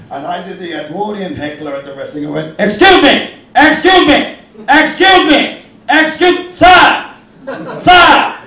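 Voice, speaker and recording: A man's voice: a little high, a little mellow, roomy sound, distant mic, a little hiss or hum. A man telling a stand-up story, swearing, mocking himself and laughing along. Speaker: stand-up comedian.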